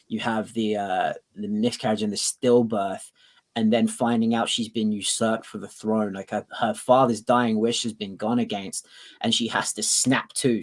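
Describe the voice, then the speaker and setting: Excitable swearing man debating a TV show. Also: on the low side. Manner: excited, swearing, quotes scenes in put-on voices. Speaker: podcast co-host. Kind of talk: casual debate chat.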